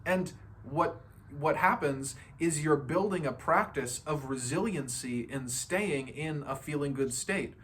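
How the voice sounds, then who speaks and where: Playful upbeat man, slightly high voice. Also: measured pace, fairly bright tone, slight background noise. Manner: playful, laughs often, acts out voices of others. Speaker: spiritual self-help speaker. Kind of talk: casual motivational talk.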